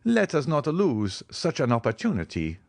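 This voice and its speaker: A man voicing a wealthy, self-assured nobleman who speaks crisply and offhandedly. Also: a little high, wildly swooping pitch, normal speed, no room sound, studio quality, voice pushed up, full character voice. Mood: cool, assured. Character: rich, cool, commanding nobleman, adult man.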